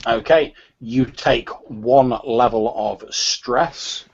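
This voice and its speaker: Game master, male, mid pitch, husky, halting narration, lo-fi recording. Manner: hesitant, full of "sort of" and restarts.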